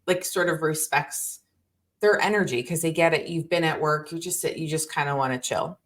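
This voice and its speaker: A woman's voice: low-pitched, normal speed. A woman co-hosting a podcast in casual chat, blunt and swearing freely. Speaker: podcast co-host.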